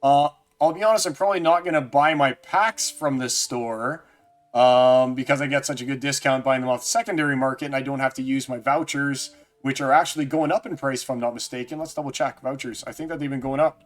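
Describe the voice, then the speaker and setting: A man's voice: medium pitch, fairly even intonation, brisk. A man streaming live, chatting casually and jokily with viewers by name. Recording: faint music underneath.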